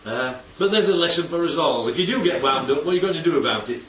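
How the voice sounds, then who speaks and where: A man's voice: on the high side, expressive, fast, fairly bright tone, a little hiss or hum. A man preaching a conversational sermon, often throwing rhetorical questions at his listeners. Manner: chatty, asks the congregation rhetorical questions. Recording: echoey hall, distant, dull mic.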